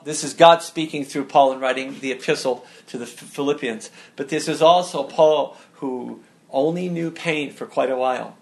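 A man's voice: mid-range voice, gravelly. A man preaching a sermon, emphatic and earnest, often restarting his words as he presses a point. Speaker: pastor.

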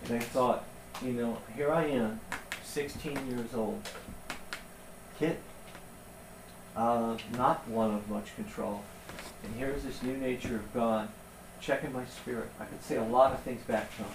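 A man preaching a sermon in a conversational, animated storytelling way. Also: mid-range voice, a little slow, long pauses, noisy background. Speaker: pastor. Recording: roomy sound from a distance.

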